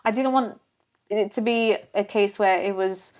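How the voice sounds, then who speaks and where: A woman's voice: medium pitch, unhurried, a little mellow. A woman chatting as an interview guest, talkative and self-deprecating, easily breaking into laughter. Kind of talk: casual conversation.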